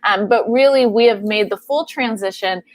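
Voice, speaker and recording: A woman's voice: medium pitch, moderate pace, dry recording. A woman in her thirties, a clinician, hosting a live stream Q&A with upbeat, chatty announcements. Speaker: host and clinician.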